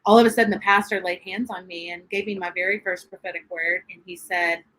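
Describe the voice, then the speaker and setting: A woman, a guest sharing her faith testimony in an interview, animated and quick to laugh as she acts out what people said. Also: on the low side, rough recording. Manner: animated storyteller, laughs often, acts out quotes.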